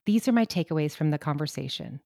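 Female podcast host, very deep voice, dry close sound. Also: expressive, fast talker, a little mellow, no echo. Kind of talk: podcast interview.

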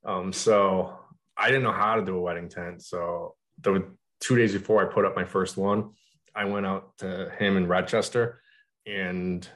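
A man in a casual podcast chat, telling in a relaxed, reflective way how he started his tent business. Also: low voice, a little slow. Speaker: tent rental business owner.

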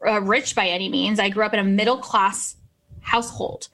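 A woman's voice: mid-range voice, fairly even intonation, normal speed, fairly bright tone. A woman hosting an interview, effusive and emphatic, often restarting her sentences. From United States. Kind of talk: casual interview.

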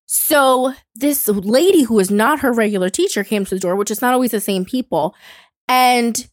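A young woman telling a story in casual chat, animated and expressive, swearing freely. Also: fairly high pitch, moderate pace, dry recording.

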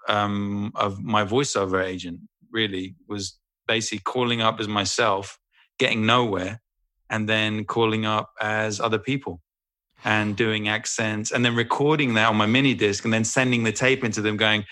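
Male guest, lower register with a bright edge. Loose, profane, self-mocking storyteller. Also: normal speed. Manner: animated, swears freely, self-deprecating. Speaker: voice actor guest. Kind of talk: casual anecdote telling.

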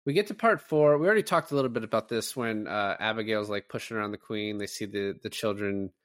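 A man's voice: lowish voice, fast, no room sound, studio quality. A man co-hosting a podcast, chatting casually about a film, recapping scenes and laughing often. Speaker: podcast co-host. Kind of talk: casual movie discussion.

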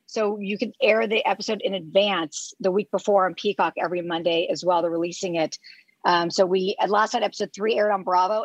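A woman guest in casual podcast chat, telling stories in an animated way with lots of filler words and some swearing. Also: mid-range voice, no room sound, dull audio. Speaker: reality TV show producer, podcast guest.

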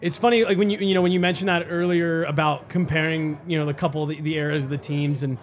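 A man host, fairly high voice, thinking out loud, restarts a lot. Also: fairly even intonation, fast. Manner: thoughtful, musing, with many restarts. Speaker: podcast host. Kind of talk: casual sports chat.

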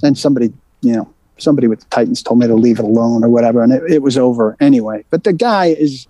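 A man telling a story on a sports talk show, animated and worked up, with quick restarts. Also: medium pitch, no echo. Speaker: sports reporter and show regular. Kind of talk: casual sports radio talk.

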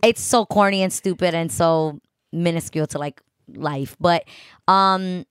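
New York woman, low, animated chat. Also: measured pace, clear, resonant tone, no room sound, clean studio sound. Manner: animated, rambling with many restarts. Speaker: guest co-host. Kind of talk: casual podcast chat.

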